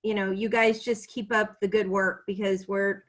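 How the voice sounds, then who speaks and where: A woman's voice: mid-range voice, little pitch movement, normal speed. A woman teacher on a video call, telling a heartfelt story in an earnest, emotional way.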